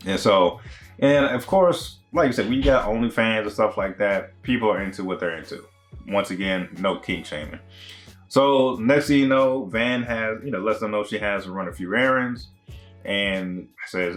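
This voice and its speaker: A man's voice: on the low side, normal speed, fairly bright tone, faint music behind. A man recapping and reacting to a TV episode in a rambling, conversational way, full of slang and fillers. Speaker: TV show reviewer. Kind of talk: casual recap commentary.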